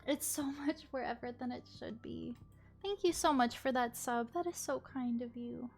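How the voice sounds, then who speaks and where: A woman with a somewhat high voice talks casually to her live-stream viewers. She is chatty and thanks them often while fighting tech trouble. Faint music plays in the background. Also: normal speed, creaky, a little mellow.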